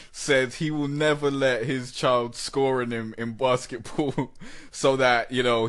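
A man hosting a casual podcast, talking in an animated, chatty way and laughing often. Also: mid-range voice. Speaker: podcast host.

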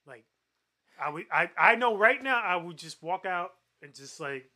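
A man hosting a casual podcast chat, animated and argumentative, often repeating himself. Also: high voice, moderate pace. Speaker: podcast host.

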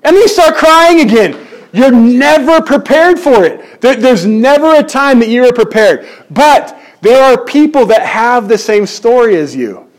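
A man preaching a sermon in church, animated and jokey, often restarting his words. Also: very high-pitched, measured pace. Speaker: pastor.

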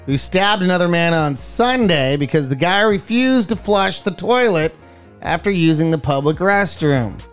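A man's voice: high-pitched, lively intonation, moderate pace, clear, resonant tone, soft background music. Joking radio host man. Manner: jokey, bursts into silly put-on voices. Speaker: morning show co-host. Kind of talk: casual radio banter.

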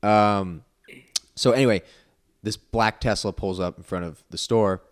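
A man's voice: fairly low pitch, measured pace. A young man, a podcast guest, telling a long casual story full of "like" and "you know.". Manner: rambling, filler-heavy storytelling with lots of "like".

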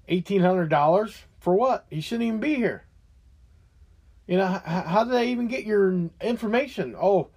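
A man tears through a profane political rant as the host of his own show. His voice sits high and leaps all over the place as the anger builds. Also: a little mellow. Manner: heated, profane, ranting.

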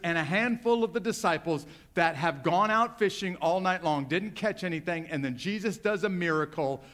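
A man's voice: high-pitched, fairly bright tone. A male pastor preaching a sermon, talking directly and conversationally to his congregation.

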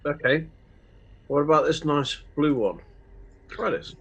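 Cheeky husky-voiced male player. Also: on the high side, measured pace, highs cut off. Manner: cheeky, sweary, laughs often. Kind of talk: casual tabletop role-play.

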